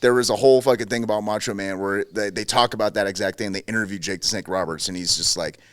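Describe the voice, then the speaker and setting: Thirtysomething guy on a podcast, swears a lot, gets all excited telling stories, dry close mic. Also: on the low side, quick pace, no room sound. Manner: profane, excitable, laughs often. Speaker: podcast co-host. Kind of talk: animated storytelling, casual chat.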